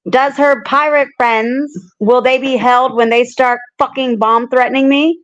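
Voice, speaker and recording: A woman's voice: high-pitched, fairly even intonation, unhurried. A woman voicing an agitated, defensive male defendant who rambles indignantly. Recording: muffled lo-fi audio.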